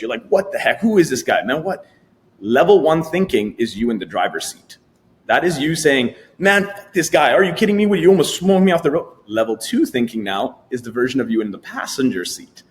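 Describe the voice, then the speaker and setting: A man appearing as a coaching guest who explains a thinking technique with animated delivery, acting out voices in his examples. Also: medium pitch.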